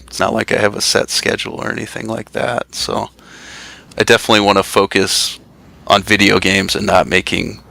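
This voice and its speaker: A man speaking as a podcast guest in casual chat, relaxed and self-deprecating, with lots of fillers and restarts. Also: on the low side, gravelly, no room sound, rough recording. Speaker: guest, retro game YouTuber.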